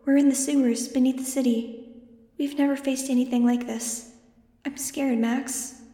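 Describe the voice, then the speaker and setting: A woman voicing a frightened young girl who calls out telepathically in a soft, trembling voice. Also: high-pitched, little pitch movement, normal speed, echoey room, big-room sound, pitched above the performer's own voice, natural voice.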